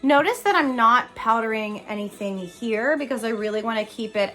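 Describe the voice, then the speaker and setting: A young Broadway actress chats casually through a makeup tutorial, giggly and self-deprecating. Her voice is a little high and a bit bright, moving at a moderate pace with few pauses, and faint music plays behind her.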